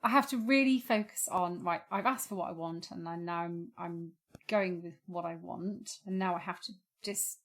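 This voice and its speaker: A woman co-hosting a podcast from home, talking frankly and joking often. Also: on the low side. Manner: frank, joking, quick to laugh. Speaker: podcast co-host. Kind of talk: casual chat. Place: home room. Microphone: podcast microphone.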